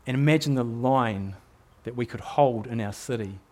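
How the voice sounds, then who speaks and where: A man's voice: medium pitch, moderate pace, a little mellow. A middle-aged man with a New Zealand accent preaching a sermon in an earnest, exhorting way, often repeating words as he builds a point.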